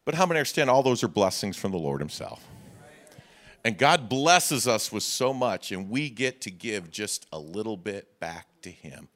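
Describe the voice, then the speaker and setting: Lively bright-voiced pastor. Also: male voice, on the low side, moderate pace, long pauses. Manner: rhetorical "how many believe" questions, folksy humor. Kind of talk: sermon.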